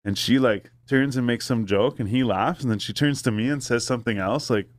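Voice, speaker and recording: A man's voice: medium pitch, fairly quick, no echo. A man telling a long story in casual chat, rambling and profane with many fillers. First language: English.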